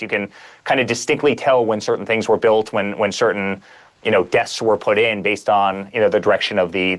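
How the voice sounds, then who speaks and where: Guy talking quick as an interview guest, emphatic, keeps repeating himself. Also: fairly low pitch. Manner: emphatic, piling up repeated phrases. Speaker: guest author. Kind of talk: conversational interview.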